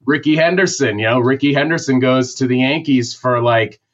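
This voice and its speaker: A man's voice: medium pitch, normal speed, lo-fi sound. A man from Massachusetts with a Boston accent, ranting in a casual sports talk conversation. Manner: opinionated, rambling rant.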